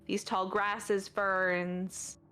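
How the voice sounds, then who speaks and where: Woman game master narrating a scene, mid pitch, slow and easygoing. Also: smooth. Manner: descriptive, relaxed narration with fillers.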